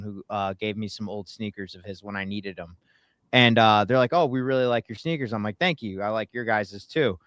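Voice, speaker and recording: A man telling stories in a casual chat, animated and growing heated when riled. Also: mid-range voice, clear, resonant tone, dry recording, studio quality.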